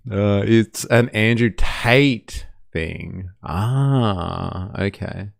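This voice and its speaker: A man talks over clips on his live stream, joking sarcastically with his chat and often breaking into laughs. His voice sits low and gravelly, and the sound is dry, with no room echo. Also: very slow, few pauses. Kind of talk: casual reaction commentary.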